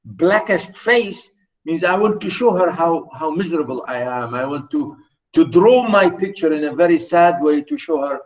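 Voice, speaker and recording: Male lecturer, slightly high voice, animated, repeats himself, reads verse slowly. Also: poor audio. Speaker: literature lecturer. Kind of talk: university lecture.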